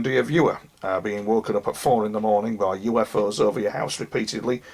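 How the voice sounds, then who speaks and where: Husky man, rambling and unwell. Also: on the low side. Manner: rambling, earnest, addresses viewers directly. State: unwell, losing his voice. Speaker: UFO experiencer. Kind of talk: monologue to camera.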